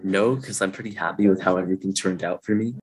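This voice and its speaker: A young man with a somewhat low, husky voice rambles easily as a podcast guest. He is relaxed and loose, and he fills his sentences with "like". He talks over a video call from his dorm room. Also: fast. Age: young adult. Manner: relaxed, rambling, heavy use of "like". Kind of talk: casual chat.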